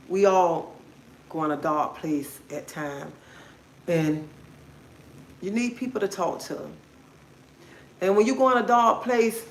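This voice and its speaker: A woman's voice: fairly low pitch, echoey room, rough recording. A woman hosting a livestream, giving a repetitive, preachy, encouraging motivational talk. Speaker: livestream host.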